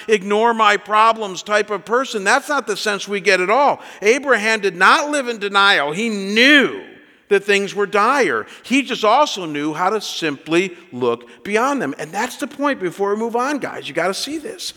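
A man in his fifties preaching a sermon, telling stories in an animated way with many restarts. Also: sits high, in a large hall. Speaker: pastor.

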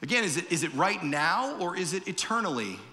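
A man's voice: high voice, sing-song, a little fast, pushed and bright, in a large hall. A pastor giving a conversational sermon in a church, acting out the voices he quotes.

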